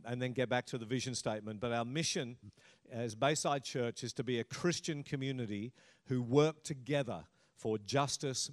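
A middle-aged man pastor giving a sermon in a conversational, humorous preaching manner. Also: mid-range voice.

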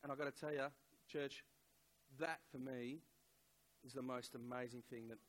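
A middle-aged man preaching a sermon, telling a personal story in a conversational, halting way with many fillers. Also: mid-range voice, steady tone, a bit bright, poor audio.

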